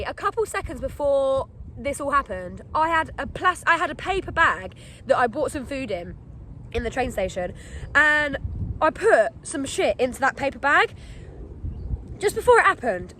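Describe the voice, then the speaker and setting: Young woman, storytime vlog, high voice, rapid and animated, phone mic outside, light background noise. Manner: animated, acts out her own panic. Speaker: vlogger. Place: outdoors in wet weather. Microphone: phone camera.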